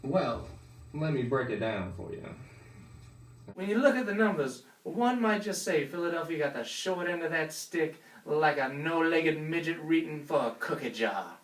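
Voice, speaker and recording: A man's voice: fairly high pitch, animated, moderate pace. Cocky man doing crude sports analysis. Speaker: sports show co-host. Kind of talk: mock sports analysis comedy. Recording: roomy sound from a distance.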